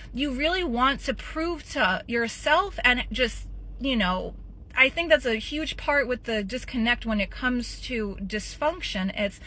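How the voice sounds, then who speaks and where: Brief: woman in her 30s, bright and forceful, a little high, blunt and profane host voice. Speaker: podcast host. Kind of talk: candid personal monologue.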